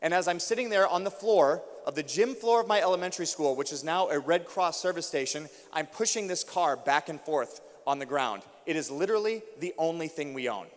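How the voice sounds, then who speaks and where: A man's voice: fairly high pitch, animated, fairly quick, few pauses. A young adult American man giving a motivational keynote to teachers, telling a personal story and building emotion with repeated refrains. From United States. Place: large school auditorium. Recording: long hall reverb.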